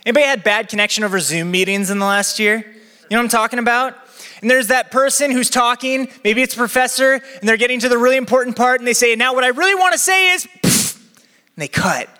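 High, bright-voiced young male pastor. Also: a little fast, smooth. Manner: energetic, chatty, acts out quotes. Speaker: campus pastor. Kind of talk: sermon to a live audience. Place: church venue with balcony. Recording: long hall reverb.

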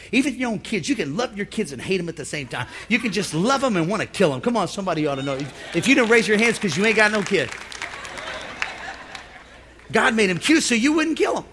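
A man preaching a lively sermon, calling for amens and acting out the voices of the people in his stories. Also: high-pitched, fast talker, some chatter behind, a little hiss or hum. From United States. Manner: lively preaching, calls for amen, acts out voices. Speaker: pastor.

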